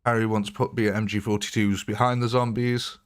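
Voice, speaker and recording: A man with a fairly low voice talks through a game as he streams it live. His delivery is casual and rambling, with little asides and frequent chuckles. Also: flat delivery, a little fast, clean tone. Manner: chatty, laughs often, thinks aloud while playing. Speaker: gaming livestreamer.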